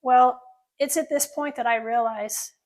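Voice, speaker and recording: A woman's voice: sits high, fairly even intonation, measured pace, darkish tone. A middle-aged woman, a surgeon, telling an earnest personal story to an audience, with asides to listeners.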